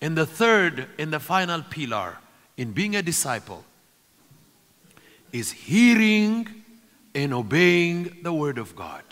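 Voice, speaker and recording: A man's voice: fairly high pitch, sing-song, slow, pauses often, fairly bright tone. A middle-aged man preaching a sermon, building to emphatic repeated calls. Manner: emphatic, repetitive preaching cadence. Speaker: pastor. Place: church sanctuary. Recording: long reverb of a church.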